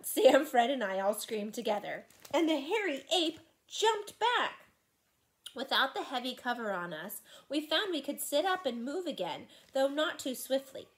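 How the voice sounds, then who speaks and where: A woman teacher reading a children's chapter book aloud to her class with expressive storytelling. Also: high voice, unhurried.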